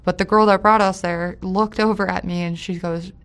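A woman recounting a personal story in an interview, halting and hesitant with many fillers, her voice dropping quiet on painful parts and rising with anger. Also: medium pitch, little pitch movement, gravelly. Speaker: interview guest.

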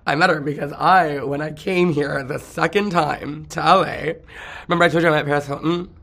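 A man's voice: fairly high pitch, steady tone, brisk, creaky, pushed and bright. A man in casual celebrity gossip chat, campy and rambling, laughing often and breaking into song.

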